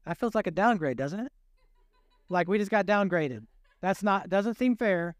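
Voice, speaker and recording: A man with a high, smooth, resonant voice preaches a sermon, recorded close and dry. He tells stories with self-deprecating humor and acts out little conversations, speeding up and slowing down as he goes. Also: no room sound. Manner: animated, shifting pace. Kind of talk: storytelling sermon.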